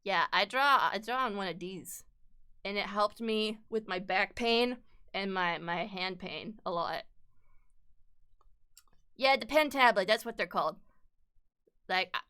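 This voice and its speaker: A woman's voice: mid-range voice, a little slow, pauses often, bright, forceful tone, clean tone. A woman streamer chatting casually and rambling while she draws, self-deprecating and swearing freely. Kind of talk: casual live-stream chat while drawing.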